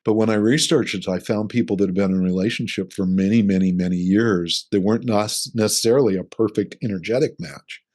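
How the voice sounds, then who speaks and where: Talking a little fast with few pauses, this middle-aged relationship coach has a fairly low, slightly mellow voice. In a casual interview he earnestly lays out his ideas, acting out examples to illustrate them.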